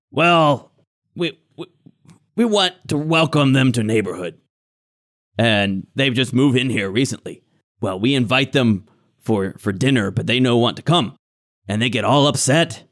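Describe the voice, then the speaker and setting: A man's voice: medium pitch, lively intonation, unhurried, pauses often, fairly bright tone. A man voicing a scheming male hobgoblin leader who talks in broken, simple grammar. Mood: coaxing.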